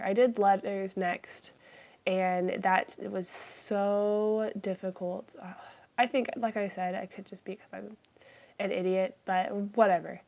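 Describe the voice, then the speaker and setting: A woman's voice: medium pitch, a little mellow, dull audio. A woman chatting casually in a craft vlog, self-deprecating and swearing freely, sometimes dropping to a whisper. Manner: drops into whispers for asides. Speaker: craft vlogger.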